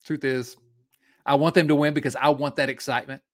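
Brisk and medium-pitched, a man co-hosting a podcast goes on an animated sports rant, repeatedly halting mid-thought and beginning again.

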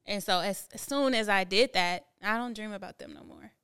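A woman co-hosting a podcast, telling a reflective personal story in a calm, matter-of-fact way. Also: mid-range voice, brisk, gravelly, clean tone, dry recording, clean studio sound. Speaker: podcast co-host.

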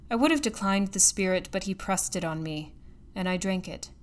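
A woman narrating a classic story in a steady, measured reading. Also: mid-range voice. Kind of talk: audiobook narration.

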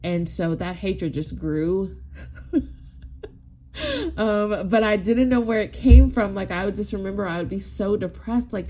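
A woman's voice: mid-range voice, measured pace, mellow. A woman in her forties, tearful and close to crying, telling a rambling personal story with many likes and you knows. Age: 40s. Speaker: spiritual wellness vlogger.

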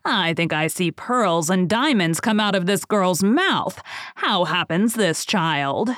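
A woman reading aloud as a stern mother in a fairy tale, speaking slowly and emphatically. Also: lowish voice, expressive, a bit bright, no echo, clean studio sound. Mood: coaxing. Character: stern, scolding mother of two daughters.

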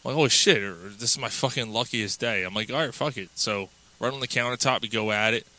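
Bright-voiced profane male podcast host. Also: mid-range voice, fast, low-quality recording. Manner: loud, profane, tells raunchy jokes. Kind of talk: crude casual banter.

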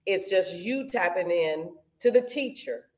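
A woman on a faith podcast, telling her story in a lively, preachy way and acting out her own prayers. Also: lowish voice, unhurried. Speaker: podcast co-host. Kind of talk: casual faith podcast talk.

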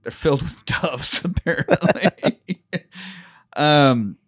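A man's voice: fairly high pitch, slow, fairly bright tone, husky. Profane, jokey male podcast co-host. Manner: profane, jokey, laughs often, acts out scenes. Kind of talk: casual film-recap chat.

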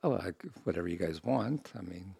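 A man with a gravelly, husky voice chatting as a podcast co-host, joking and hesitant. The sound is close and dry. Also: deep voice, expressive, fairly quick, mellow, no room sound. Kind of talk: casual chat.

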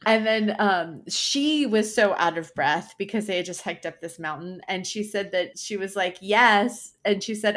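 A woman's voice: mid-range voice, a little slow, few pauses, a bit bright. A woman co-hosting a podcast, chatting casually and reading out funny stories with frequent laughter. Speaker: podcast co-host.

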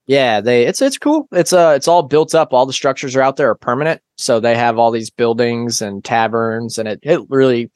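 A man's voice: medium pitch, lively intonation, normal speed, hardly any pauses, a little mellow, no echo. A man chatting as a returning guest on a podcast, telling stories with dry, teasing humor. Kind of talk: casual podcast chat.

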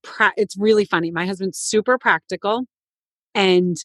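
A woman's voice: mid-range voice, normal speed, no room sound. A woman in her thirties, a mother and coach, chatting with enthusiasm and casual swearing. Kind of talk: casual chat.

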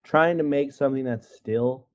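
A man from Wisconsin spins a loose, casual story on a video call, full of likes and you-knows, slipping into the voices of the people he quotes. His voice sits at an ordinary middle pitch, and the call audio sounds a little dull. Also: moderate pace. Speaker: guest artist.

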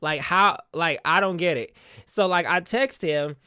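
A young woman ranting casually to her viewers, exasperated and profane, turning loud one moment and quiet the next while she fires rhetorical questions. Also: fairly low pitch, a little slow, clear, resonant tone, dry recording, studio quality. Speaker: vlogger. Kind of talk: casual comedic rant to camera.

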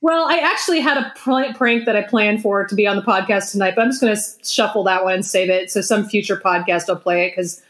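A woman co-hosting a podcast, telling prank stories in a lively, laughing way and acting out what people said. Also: mid-range voice, fast, hardly any pauses. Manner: animated storyteller who laughs often and acts out quotes. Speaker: podcast co-host. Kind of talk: casual chat, storytelling. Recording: roomy echo.

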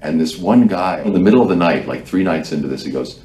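A man telling an anecdote to an audience, animated, with soft hesitant pauses. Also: low-pitched, roomy sound.

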